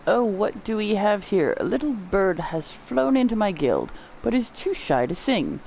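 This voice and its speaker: A woman's voice: medium pitch, very animated, unhurried, vocal fry, darkish tone, a little hiss or hum, voice pushed up, poor audio. A woman voicing a theatrical, flamboyant male guildmaster with florid speech. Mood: grandiose.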